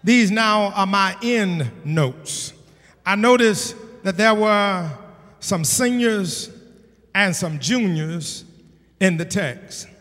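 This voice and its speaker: A male pastor preaching in a high, bright voice that rings with the long reverb of a church hall. He takes his time, repeating key lines for weight and building up to shouted peaks. The delivery is emphatic and sermon-paced. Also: takes it slowly. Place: church sanctuary.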